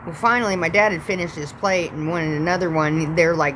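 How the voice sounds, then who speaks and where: A woman's voice: deep voice, steady tone, a little fast, noisy background. A woman in her thirties telling a rambling, profane story in a casual vlog.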